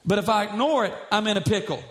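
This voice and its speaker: A middle-aged pastor preaching a sermon, reading scripture aloud and building in fervor. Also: male voice, high voice, fast, fairly bright tone.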